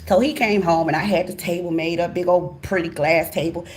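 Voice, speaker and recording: Animated, profane woman telling a story. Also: fairly low pitch, fairly quick. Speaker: tarot channel host. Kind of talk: storytime monologue.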